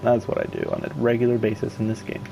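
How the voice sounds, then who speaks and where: A man's voice: medium pitch, monotone, quick pace, vocal fry, noisy background. A man giving casual, joking let's-play commentary. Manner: joking, rambling. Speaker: gaming YouTuber.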